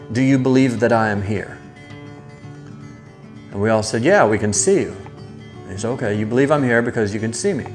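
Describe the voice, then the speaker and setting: A man hosting a live stream, casually telling a childhood story and reading chat comments, acting out the voices he quotes. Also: medium pitch. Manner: animated, acts out quoted voices. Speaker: livestream host.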